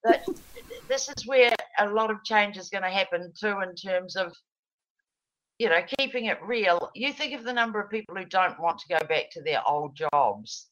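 A woman's voice: medium pitch, lively intonation, normal speed, a bit bright, highs cut off. A middle-aged woman, chatting in a rambling, digressive way with frequent laughs. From New Zealand. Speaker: guest, former radio presenter. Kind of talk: casual chat.

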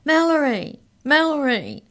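A woman reading a storybook aloud, voicing a frightened young boy who cries out loudly and pleads. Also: very animated, moderate pace. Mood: desperate. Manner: high and loud, pleading.

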